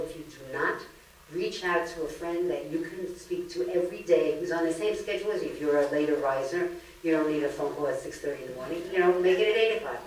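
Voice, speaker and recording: An older woman gives a comic lecture in a library hall, talking lively and acting out little voices. She is picked up from a distance, so her voice rings with heavy room echo. A faint background noise sits under her. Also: low-pitched. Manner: lively comic delivery, acts out quoted voices. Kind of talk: humorous public lecture.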